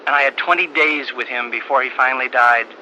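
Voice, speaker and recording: An older man, a priest, telling a personal story in a halting, earnest way with frequent repeated words. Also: mid-range voice, steady tone, sharp tone, poor audio. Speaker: priest giving a talk. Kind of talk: storytelling talk. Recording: old tape recording with faint hiss.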